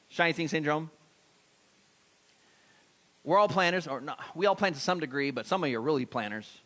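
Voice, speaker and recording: A man's voice: on the high side, animated, fast, long pauses, fairly bright tone. A middle-aged man preaching a sermon in a church, talking conversationally and putting questions to the congregation. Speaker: pastor. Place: church sanctuary.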